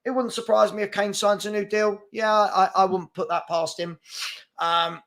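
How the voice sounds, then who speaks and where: A man's voice: high voice, fairly even intonation, normal speed, fairly bright tone. A man hosting a live fan chat show, chatty and brash as he reads comments and takes on trolls. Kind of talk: casual live-stream chat reading comments.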